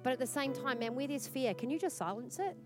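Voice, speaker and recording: A woman's voice: sits high, lively intonation, fast talker, over music. A woman pastor with a New Zealand accent preaching a sermon in a church, earnest and exhorting, repeating her points for emphasis.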